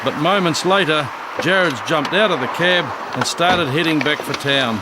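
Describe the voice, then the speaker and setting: A man giving scripted documentary narration in an even, explanatory way. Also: a little high, moderate pace, heavy background noise.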